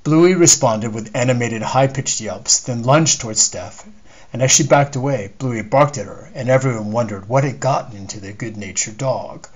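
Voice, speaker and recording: A man, the author, reading a chapter of his novel aloud in measured storytelling narration. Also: medium pitch, lo-fi sound. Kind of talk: scripted narration.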